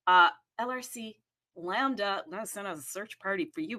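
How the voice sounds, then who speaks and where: A woman's voice: medium pitch, normal speed, sharp tone. A woman hosting a casual crypto livestream, bubbly and exclamatory, with playful asides. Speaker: livestream host.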